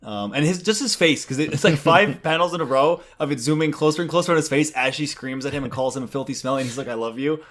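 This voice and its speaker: A man co-hosting a podcast in casual chat, retelling a comic in a relaxed way and reading bits of its narration aloud. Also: on the high side, fast talker, few pauses. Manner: relaxed storyteller, reads out narration. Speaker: podcast co-host.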